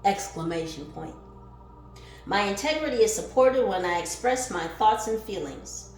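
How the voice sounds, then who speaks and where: Woman, spiritual card reader, mid-pitched, shifting from hushed musing to loud exclaiming, echoey room. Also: lively intonation, moderate pace. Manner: reads affirmations aloud, laughs and swears casually. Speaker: tarot reader. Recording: echoey room with faint music behind.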